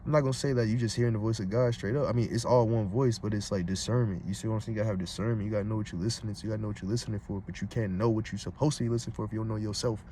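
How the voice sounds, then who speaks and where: A man's voice: on the low side, fairly even intonation, rapid-fire, few pauses, slight background noise. Blunt, streetwise man on a rant. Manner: blunt, streetwise, keeps asking "you feel me"; gets loud and heated when arguing. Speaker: vlogger on spirituality. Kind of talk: casual preachy monologue.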